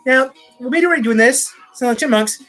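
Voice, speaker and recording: A woman hosts her own channel from home, talking casually to camera into a desk microphone and often restarting her sentences. Her medium-pitched voice is fairly quick and a bit bright, with faint music in the background.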